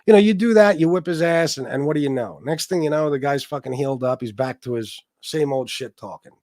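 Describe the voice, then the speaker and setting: A man's voice: a little high, brisk, a little mellow, dry recording. A man hosting a livestream, ranting casually in a profane, boastful, taunting way. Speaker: livestream host.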